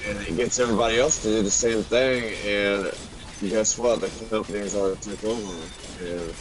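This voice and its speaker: Deep-voiced young man rambling on chat. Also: steady tone, moderate pace. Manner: rambling, many "like" fillers. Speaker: gamer in a voice chat. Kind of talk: casual chat. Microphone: online voice chat mic. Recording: noisy, garbled voice chat line.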